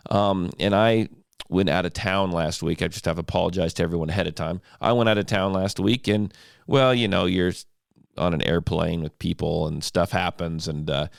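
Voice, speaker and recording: A man's voice: deep voice, steady tone, normal speed, creaky, dry recording. A man hosting his own podcast from a home studio, chatting loosely and laughing easily while he has a cold. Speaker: podcast host. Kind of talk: casual chat.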